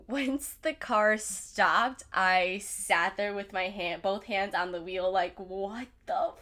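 A woman's voice: mid-range voice, slow pace, bright, forceful tone. Chatty young woman, swearing a lot. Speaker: vlogger. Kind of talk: casual storytelling.

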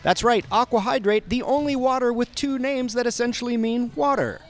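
A man's voice: very high-pitched, normal speed, faint music behind. A man calling a rec-league basketball game courtside in a gym, with dry, mock-serious comedic commentary. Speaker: play-by-play commentator. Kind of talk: deadpan comedic sports commentary.

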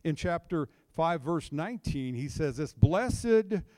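Middle-aged male counselor preaching, fairly high voice, dry close sound, chatty storyteller who keeps checking in with the crowd. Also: normal speed, darkish tone, no echo. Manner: conversational, draws the audience into call and response; storytelling, checks in with "okay?" and "right?". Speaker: counselor giving a church message. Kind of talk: sermon.

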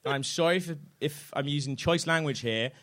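A man's voice: fairly high pitch, moderate pace, fairly bright tone. A man hosting a comic podcast before a live audience, reading out his messages with frequent laughter. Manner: laughs often, reads messages aloud in a cheeky voice. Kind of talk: comic storytelling.

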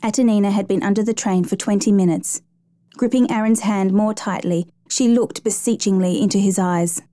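A woman narrating a true rescue story in a measured, even storytelling manner. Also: medium pitch, no echo, clean studio sound. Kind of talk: scripted narration.

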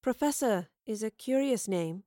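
A woman's voice: on the high side, normal speed, no room sound, close to an everyday voice. A woman voicing a mysterious soothsayer woman who talks in formal riddles with dry sarcasm, in a dry close recording. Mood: cryptic, dry. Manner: calm, riddling, formal speech.

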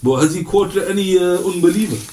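Fairly high-voiced man giving a religious lesson. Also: fairly quick, soft background music. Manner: reads references in a steady list, then acts out dialogue in asides. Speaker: Islamic history teacher. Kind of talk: recorded religious lecture with Quran recitation.

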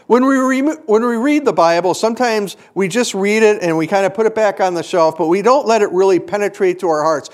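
Preacher, male, middle-aged, high-pitched, earnest sermon delivery with questions to the room. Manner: earnest, rhetorical questions to the congregation.

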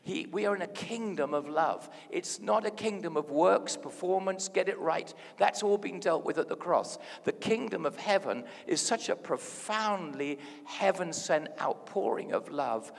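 A man preaching a sermon in a lively, playful way, dropping to a hush and then rising loud. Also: high-pitched, unhurried, gravelly, few pauses. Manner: animated, playful, swings from hushed to loud. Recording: hall reverb.

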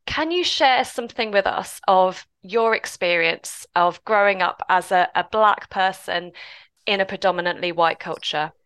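A woman from the UK hosting a podcast, asking her guest careful, measured questions. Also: mid-range voice, a bit bright, clean tone, dry recording. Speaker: podcast host. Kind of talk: interview questions.

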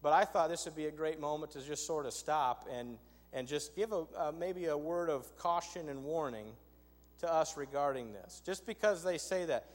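A man preaching a sermon, conversational and emphatic, with rhetorical asides to his congregation. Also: fairly high pitch. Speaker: pastor. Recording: long hall reverb.

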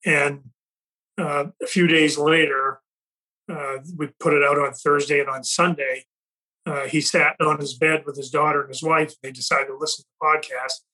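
A man's voice: a little high, little pitch movement, normal speed, sharp tone, low-quality recording. A man hosting a podcast, talking earnestly and reflectively in a casual conversation, often restarting his sentences. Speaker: podcast host and company leader.

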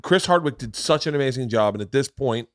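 A man's voice: medium pitch, lively intonation, fairly quick. A man hosting a podcast in casual chat, rambling and restarting his sentences often. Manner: rambling, with many restarts and stammers. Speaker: podcast host.

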